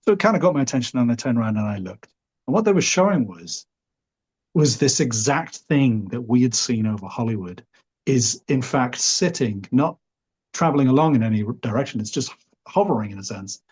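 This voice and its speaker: Husky Liverpool man telling a story. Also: mid-range voice, expressive, brisk, a little mellow. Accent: Liverpool English. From Liverpool, England. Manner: rambling, hedges often with "sort of" and "you know". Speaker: podcast guest. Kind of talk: relaxed storytelling.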